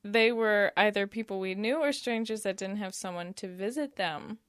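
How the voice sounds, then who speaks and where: A woman's voice: medium pitch, normal speed, smooth, dry recording, clean studio sound. A woman co-hosting a casual podcast, rambling through stories and laughing as she talks. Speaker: podcast co-host. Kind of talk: casual chat.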